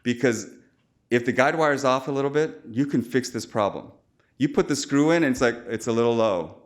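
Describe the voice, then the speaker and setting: A man's voice: medium pitch, lively intonation, a little fast. A man lecturing as a surgeon at a medical conference, informal and chatty, with jokes and quoted asides. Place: lecture hall.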